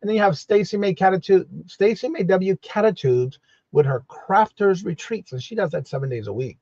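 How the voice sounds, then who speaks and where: A man with a high, light voice hosts a casual morning live stream, warmly running through hellos to each viewer. The sound is dull and lo-fi. It is also dry, with no room echo. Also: expressive, a little fast. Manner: greets chat viewers one by one, repetitive and upbeat.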